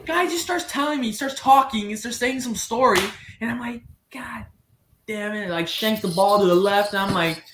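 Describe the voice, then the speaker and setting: High-voiced young man telling a story. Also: brisk, hardly any pauses, reverberant, background noise. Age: 20s. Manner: animated storyteller acting out quoted people. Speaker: podcast co-host. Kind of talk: casual storytelling chat.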